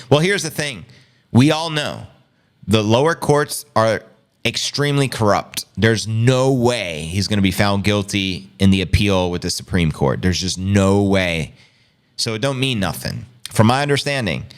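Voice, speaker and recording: A man's voice: medium pitch, smooth. Incredulous man reacting live. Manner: exasperated, incredulous, rambling. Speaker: crypto news host.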